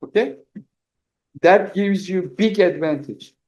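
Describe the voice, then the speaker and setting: A man's voice: sits high, slow pace, a little mellow. A man from Turkey with a Turkish accent and some Australian in it, giving a presentation to students and advising them in a hall. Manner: advising, with restarts. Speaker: university presenter. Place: lecture hall.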